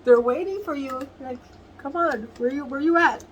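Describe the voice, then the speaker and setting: High-voiced, emotional woman tarot reader. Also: normal speed, slight background noise, low-quality recording. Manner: emotional, tearful and laughing between phrases; earnest, repeats phrases. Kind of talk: tarot reading to camera.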